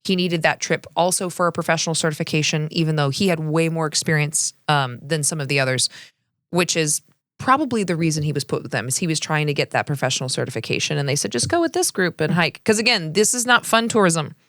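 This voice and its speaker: A woman's voice: sits low, expressive, quick pace, a bit bright, no echo, clean studio sound. A woman co-hosting a podcast, reading researched history in a casual, conversational way. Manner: reads researched history conversationally, laughs often. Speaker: podcast co-host. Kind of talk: casual storytelling chat.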